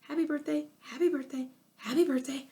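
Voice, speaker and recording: A woman's voice: high voice, fairly even intonation, fairly quick, mellow, pitched above the performer's own voice. Lady doing a chirpy parrot singing over and over, storybook voice. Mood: nervous chatter. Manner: sing-song, repetitive. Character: chattering birthday-singing pet parrot.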